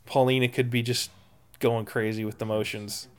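A man hosting a podcast, commentating casually over a golf broadcast, excitable and repeating his exclamations. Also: medium pitch, moderate pace, smooth. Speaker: podcast host.

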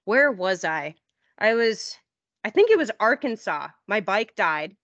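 A woman on a podcast telling a long story in casual chat, rambling and acting out what people said in a higher voice. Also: sing-song, unhurried, fairly bright tone, dry recording. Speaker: podcast host. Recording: dull, dry lo-fi audio.

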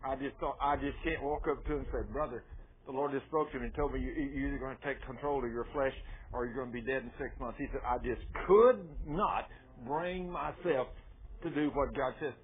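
A man's voice: a little high, fairly quick, slight background noise. A man preaching a folksy sermon, telling stories with self-mocking, chuckling asides. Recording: tinny phone-like radio sound.

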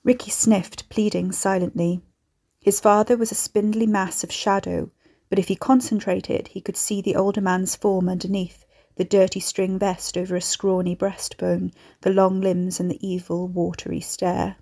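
A woman reading a horror story aloud in a measured storytelling manner. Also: medium pitch, flat delivery, mellow. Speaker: narrator. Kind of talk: scripted horror narration.

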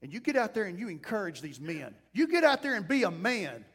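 A man acting out a bold army commander, high voice, fast scolding, reverberant hall. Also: lively intonation.

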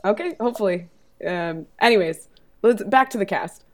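A woman chatting casually on a podcast, upbeat and quick to giggle. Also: medium pitch, expressive, a little hiss or hum. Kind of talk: casual chat.

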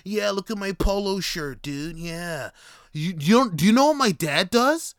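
An obnoxious young male bully picking a fight, mocking and full of swagger, as a man puts him on. The voice rides higher and louder than a normal speaking voice, with a strained, altered tone. It is cleanly recorded and close. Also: animated, measured pace, smooth, no echo, heavily acted.

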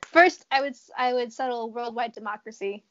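Young woman guest, giggles a lot, kinda high voice, fumbles for words sometimes. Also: a little fast, muffled recording. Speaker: podcast guest. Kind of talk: casual chat.

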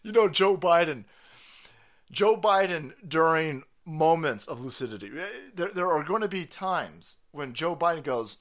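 A high-pitched man rants on a live stream, his voice swooping up and down as he mocks and swears. He talks in a crude, scoffing way and keeps breaking into laughter. It sounds like a close home streaming mic. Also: lively intonation, a little slow, a bit bright. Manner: crude, mocking, laughs often. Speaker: podcast host. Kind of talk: profane comedic political rant.

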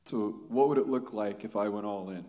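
A man's voice: on the low side, moderate pace, dark tone. A young adult man giving a personal testimony at church, hesitant with many "um" and "like". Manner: hesitant, many "um" and "like", nervous laughs.

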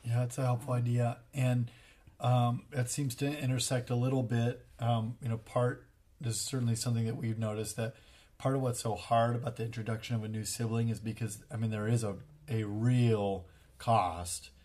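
A man with a cold, hoarse and sounding like a smoker, co-hosting a parenting chat with hesitant fillers. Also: mid-range voice, little pitch movement, brisk, mellow. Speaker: parenting co-host. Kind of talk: casual chat.

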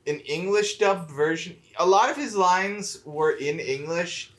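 A man's voice: high-pitched, a little slow. A man co-hosting a podcast, talking casually about a film in a loose, rambling way with lots of "like" fillers. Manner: relaxed, rambling, many "like" fillers. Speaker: podcast co-host. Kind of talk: casual chat.

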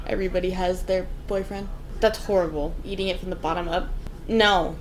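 A woman's voice: on the low side, steady tone, normal speed, slight background noise. A young woman co-hosting a podcast, reacting to a movie in a brash, profane, mocking way. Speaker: podcast co-host. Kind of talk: casual movie-reaction chat.

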